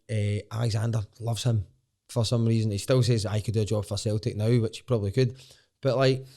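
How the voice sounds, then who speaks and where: Chatty Scottish man telling stories. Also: medium pitch. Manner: lively anecdotal, swears casually, acts out quotes. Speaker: podcast guest, stand-up comedian. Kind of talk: casual storytelling chat.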